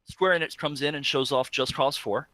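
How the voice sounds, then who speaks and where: A man co-hosting a casual gaming podcast, telling stories with animated reenactments of crowd reactions. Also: medium pitch, moderate pace. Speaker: podcast co-host.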